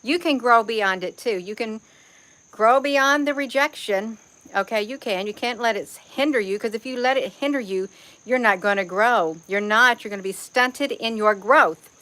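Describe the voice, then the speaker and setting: Outdoors among trees, a woman hosts a casual livestream, reading chat and greeting viewers by name in a folksy way, often saying "you all." Her voice is a little high, bright, and forceful at a moderate pace, though the audio is poor.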